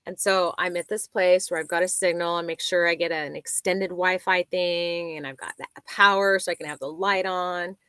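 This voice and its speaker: A woman guest chatting casually, telling a story and acting out the dialogue in lively voices. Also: on the low side, moderate pace, hardly any pauses, clear, resonant tone, dry recording. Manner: animated, acts out quoted dialogue.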